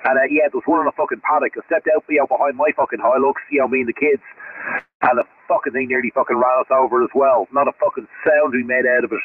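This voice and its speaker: A man's voice: mid-range voice, fairly even intonation, fast talker, phone-quality sound. An Australian man chatting casually over CB radio, rambling and swearing constantly. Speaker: CB radio operator. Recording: CB radio transmission with static.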